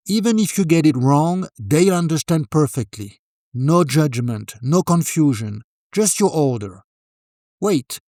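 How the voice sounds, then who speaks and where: A man narrating a scripted language lesson as teacher, calm and deliberate, modelling phrases slowly. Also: a little high, no room sound, studio quality.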